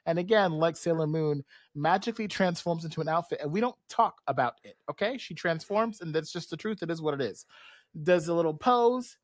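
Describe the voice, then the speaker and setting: Brief: animated podcast host, slangy and sassy, mid-pitched, dry close sound. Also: a little fast, no room sound. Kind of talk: casual recap of a cartoon episode.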